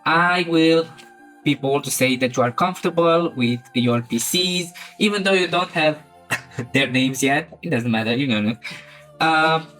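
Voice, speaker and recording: A woman's voice: low-pitched, a little slow, fairly bright tone, soft background music, poor audio. A woman running a casual tabletop game session as game master, guiding players through character creation and laughing often.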